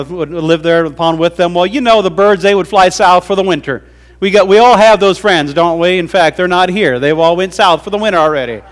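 A male pastor delivering a folksy, humorous sermon in a conversational way. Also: fairly high pitch.

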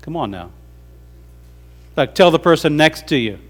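A man's voice: a little high, animated, moderate pace. A male pastor delivering a folksy, humorous sermon in a conversational way.

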